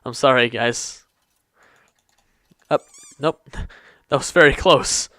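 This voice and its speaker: A man's voice: medium pitch, takes it slowly, sharp tone, no room sound. A man giving casual let's-play commentary to his viewers, chatty and apologetic, stumbling over his words. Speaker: gaming YouTuber.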